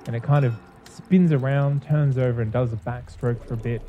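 A man narrating a tabletop game as game master, relaxed and descriptive. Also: mid-range voice, normal speed, phone-quality sound, a little hiss or hum.

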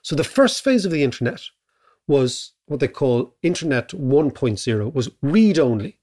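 A middle-aged Irish man co-hosting a podcast in casual chat. He muses aloud and keeps checking in with a quick "right?". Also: medium pitch, big pitch swings, darkish tone. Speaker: podcast co-host.

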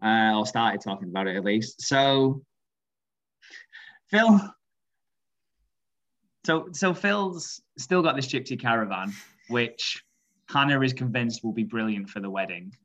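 A man's voice: mid-range voice, expressive, unhurried, pauses often, a bit bright, dull audio. A man co-hosting a podcast in casual chat, laughing and swearing freely as he tells stories. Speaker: podcast co-host.

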